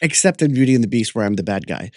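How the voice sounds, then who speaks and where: A man's voice: mid-range voice, lively intonation, fast talker, a little mellow, no room sound, clean studio sound. A man hosting an interview podcast, chatting casually and explaining things for listeners. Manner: friendly, explains terms for listeners. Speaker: podcast host.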